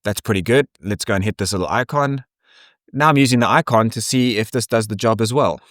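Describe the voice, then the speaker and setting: A man with an English South African accent, giving a casual, thinking-aloud software review full of ums and restarts. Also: fairly low pitch, brisk, no room sound, studio quality. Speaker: tech reviewer.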